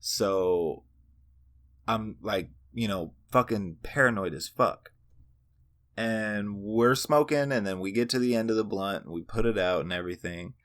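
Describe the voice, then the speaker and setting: A man's voice: lowish voice, measured pace, fairly bright tone. A young man casually telling a personal story as a podcast host, laid-back and profane, acting out what others said. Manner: laid-back, profane, acts out quoted voices.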